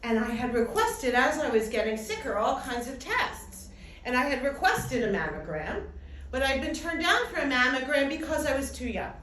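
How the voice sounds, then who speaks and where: High-voiced woman telling her story in echoey hall. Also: normal speed. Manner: animated storytelling with acted-out quotes. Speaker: speaker giving a talk. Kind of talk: personal testimony talk. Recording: echoey hall, distant mic, faint noise.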